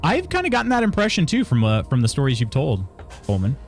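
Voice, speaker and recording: Male streamer, average pitch, loose conversational gamer chat, faint game music underneath. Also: huge pitch swings, fast talker. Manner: chatty, reads chat aloud, frequent chuckles. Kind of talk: casual live-stream chat while gaming.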